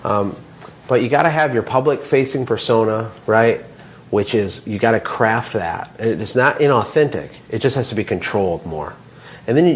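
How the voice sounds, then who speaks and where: A small business owner and coach, a man with a lowish voice, tells animated, motivational stories in a casual interview.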